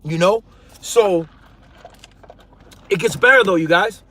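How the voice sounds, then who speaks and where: A man's voice: high-pitched, takes it slowly, pushed and bright, a little hiss or hum. A man in his thirties telling a heated, profane story to his viewers in a casual, rambling way. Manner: profane, heated, addresses viewers as you guys. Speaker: storytelling vlogger.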